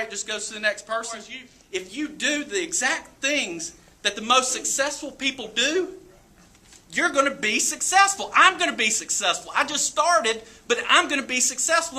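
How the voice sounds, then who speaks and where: A man giving a motivational talk to a live audience, telling a story in an animated way with frequent laughs. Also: extremely high pitch, moderate pace. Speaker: motivational speaker. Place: event room with an audience.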